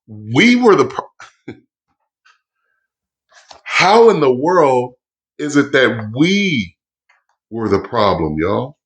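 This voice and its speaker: A man's voice: medium pitch, big pitch swings, slow pace, pauses often, fairly bright tone. A middle-aged man teaching history in an impassioned, preacherly way, full of rhetorical questions. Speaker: educator. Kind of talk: history lesson with commentary.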